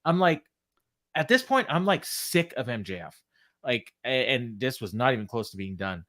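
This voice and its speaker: A man talking through a recap in a relaxed, conversational podcast manner. His voice sits at an ordinary middle pitch. He laughs easily and keeps the chat loose. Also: normal speed. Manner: chatty, laughs often, reads out quotes. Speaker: podcast co-host. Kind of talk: casual wrestling recap.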